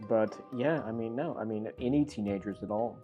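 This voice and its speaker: A man's voice: on the low side, brisk, muffled recording, soft background music. A man chatting casually as he reacts to a video, rambling and cutting himself off as he goes. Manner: rambling, self-interrupting, animated.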